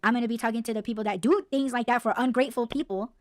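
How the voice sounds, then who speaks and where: A woman's voice: a little high, fairly even intonation, racing, darkish tone, no room sound, studio quality. A woman hosting a podcast, ranting bluntly and swearing freely in a casual, heated way. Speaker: podcast host.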